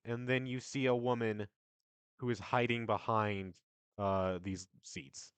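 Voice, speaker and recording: A man narrating as game master of a tabletop role-playing game, switching into loud character voices. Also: on the low side, steady tone, slow, clear, resonant tone, no room sound.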